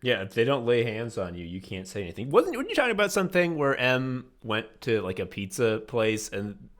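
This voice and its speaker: A man's voice: medium pitch, huge pitch swings, a little fast, a bit bright. A young man from the Chicago suburbs telling a profane, sardonic story as a podcast co-host. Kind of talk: casual chat, storytelling.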